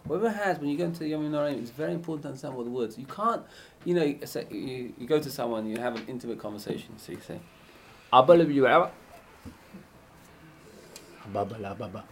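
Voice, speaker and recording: Guy teaching a torah class, lively up-and-down voice, keeps asking do you get it, bit of faint background noise. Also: on the high side, racing, hardly any pauses. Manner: animated, swings from loud chanting to hushed near-whispers; conversational, asks listeners questions often. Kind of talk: informal Torah class on prayer.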